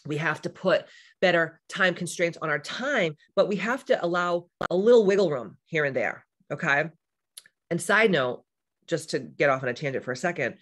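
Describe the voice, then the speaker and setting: A woman talking about astrology in a casual vlog, speaking in a frank, chatty way with lots of fillers, swearing and tangents. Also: fairly low pitch. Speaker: astrology and life coach. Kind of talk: casual spiritual vlog talk.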